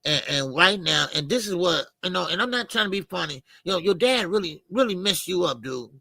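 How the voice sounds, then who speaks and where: A man's voice: sits high, expressive, fairly quick, vocal fry, pushed and bright, dry recording. A man talking boxing in a blunt, heated way, repeating his points. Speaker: boxing commentator. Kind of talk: casual boxing debate.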